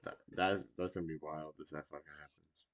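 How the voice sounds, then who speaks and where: Man, very low voice, laid-back podcast banter, swears, laughs easily. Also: fairly even intonation, fairly quick, a little hiss or hum. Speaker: podcast co-host. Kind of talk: casual sports banter.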